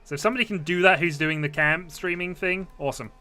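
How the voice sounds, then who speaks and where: A man's voice: high voice, fast talker, bright, forceful tone. A man streaming a racing game with friends, chatting and joking about his own driving as he plays. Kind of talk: casual gaming chat.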